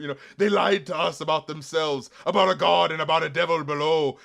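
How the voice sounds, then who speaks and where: A man co-hosting a casual movie review chat, talking excitedly and profanely and acting out quotes from the film. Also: a little high, brisk, creaky, hardly any pauses. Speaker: co-host of a film review show. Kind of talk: casual spoilery movie discussion.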